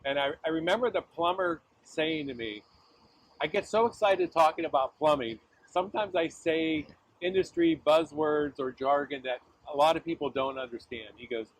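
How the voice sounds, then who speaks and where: A man with a husky voice giving sales advice, telling stories in an animated way. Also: on the high side, normal speed, low-quality recording. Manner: animated anecdotal storyteller. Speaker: sales advisor guest. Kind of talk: casual business chat.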